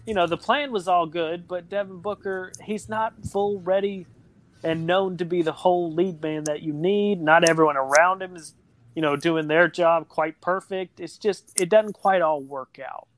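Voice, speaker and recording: A guest co-host on a casual podcast, relaxed and talkative. The co-host spins little scenarios and drops into quoted lines as the story goes. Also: mid-range voice, moderate pace. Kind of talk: casual chat.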